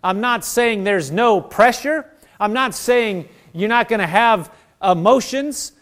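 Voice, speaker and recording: A man's voice: high voice, slow, fairly bright tone. A man preaching a sermon, earnest, acting out the prayers of the people he addresses. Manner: earnest, acts out prayers in quoted voices.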